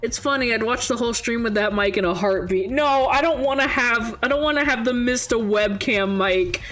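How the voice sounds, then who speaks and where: A woman's voice: on the high side, moderate pace, a bit bright, faint music behind. A woman streamer chatting casually and reading game narration aloud, laughing easily.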